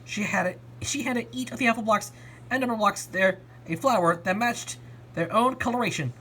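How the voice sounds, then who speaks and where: A woman reading a fan story aloud in an expressive storybook style. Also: fairly high pitch, normal speed, a little hiss or hum. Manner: expressive, lively narration. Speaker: reader.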